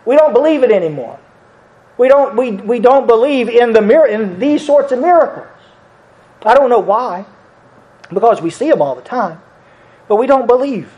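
A preacher giving an earnest, repetitive sermon, often breaking into soft chuckles. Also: mid-range voice, lively intonation, moderate pace, long pauses, poor audio.

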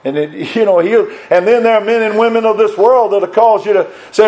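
A man's voice: high-pitched, a little fast, few pauses, darkish tone, low-quality recording. A male preacher delivering a sermon. He recites scripture in old-fashioned biblical wording, rises in fervent emphasis on repeated refrains, and often restarts and repeats words.

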